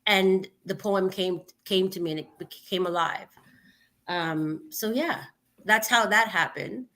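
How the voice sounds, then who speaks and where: Bright-voiced woman performing spoken word. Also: mid-range voice, measured pace. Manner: dramatic spoken-word delivery with big swings in loudness; chatty, loose and full of fillers when talking. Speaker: guest poet. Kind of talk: spoken-word poetry and casual chat.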